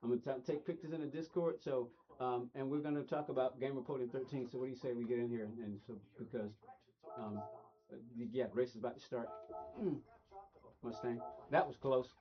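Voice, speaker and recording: A man's voice: mid-range voice, steady tone, fairly quick. A middle-aged man streaming a racing game, rambling casually and talking straight to his chat. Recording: dull lo-fi stream audio.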